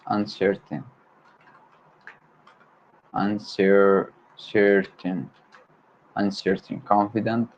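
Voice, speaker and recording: Slow, low-voiced man drilling words. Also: flat delivery. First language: Arabic. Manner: repeats vocabulary words slowly, one at a time. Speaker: language learner on a livestream. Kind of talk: slow self-study word drill. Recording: dull lo-fi home stream with faint noise.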